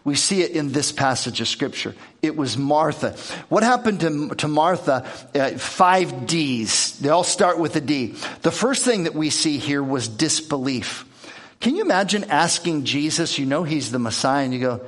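A man's voice: a little high, sing-song, a little slow. A man preaching a conversational sermon, earnest, repeating words and acting out the lines he quotes. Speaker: pastor.

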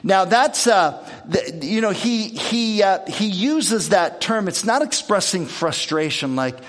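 A male pastor gives a loose, conversational sermon with a voice pitched a little above the usual. He is earnest and often repeats a word before going on. He also slips into lively little impressions of the people he quotes. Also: takes it slowly. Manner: earnest, repeats words, acts out quoted speech.

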